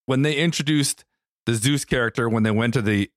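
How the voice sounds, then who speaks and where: A man's voice: mid-range voice, brisk, dry recording, studio quality. A man co-hosting a podcast, rambling casually about a movie with many fillers. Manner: rambling, lots of fillers like "like" and "you know". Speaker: podcast co-host. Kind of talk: casual movie review chat. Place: Sydney.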